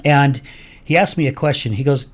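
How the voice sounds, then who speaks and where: A man's voice: mid-range voice, normal speed. A middle-aged man hosting a podcast, telling a personal story in a candid, earnest way with some mild swearing. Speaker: podcast host. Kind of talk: casual storytelling chat.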